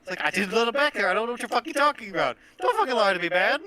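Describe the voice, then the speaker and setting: A crude, hostile tavern guard yelling in a raised, strained pitch, as a male game master puts him on. His voice pushes far above normal talk, every line a shouted curse. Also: lively intonation, very fast, dry recording, heavily acted. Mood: furious. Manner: yelling, profane.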